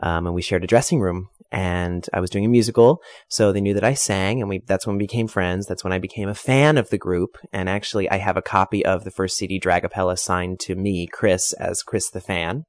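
A man's voice: low voice, steady tone, a little fast, few pauses, dry recording. A man, a singer in a drag a cappella group, chatting playfully with lots of ums and uhs in a radio interview. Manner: playful, chatty with many fillers.

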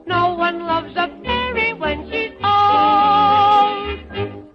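A woman's voice: extremely high pitch, fairly even intonation, extremely slow, full character voice. A woman singing as a wry, aging fairy queen. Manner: bright sung music hall delivery with chuckles. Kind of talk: music hall song. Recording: old dull record with loud band.

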